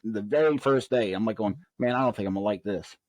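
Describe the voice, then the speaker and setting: A man's voice: lowish voice, fast talker, no room sound. A man, a former prison officer, telling a long story in a podcast interview and acting out the voices of the people in it. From Southern United States. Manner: animated storyteller, acts out quoted dialogue.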